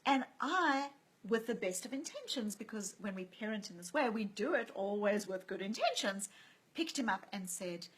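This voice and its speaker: Telling stories as an interview guest, this author voices the people she quotes in a conversational exchange. She speaks at normal speed with a mid-range, husky, fairly bright voice and lively intonation, though the audio is poor.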